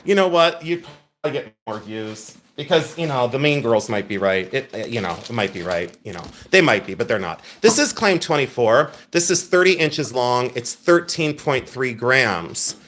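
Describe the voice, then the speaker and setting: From a coffeehouse, a man hosts a casual livestream jewelry sale, chatty and joking but candid and earnest at times. His mid-range voice has a fairly bright tone, with a little hiss or hum.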